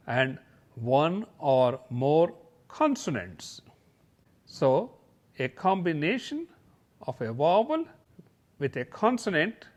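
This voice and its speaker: A man teaching a kindergarten lesson over slides, explaining patiently and slowly. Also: a little high. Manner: slow, patient, sing-song explaining. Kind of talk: slideshow lesson for young children.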